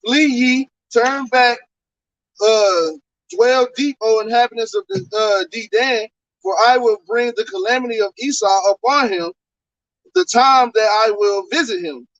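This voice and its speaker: Man, high-ish voice, halting scripture reader, muffled dry recording. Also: a bit bright, dry recording. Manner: halting reading with fillers. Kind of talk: reading scripture aloud. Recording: dull, lo-fi dry sound.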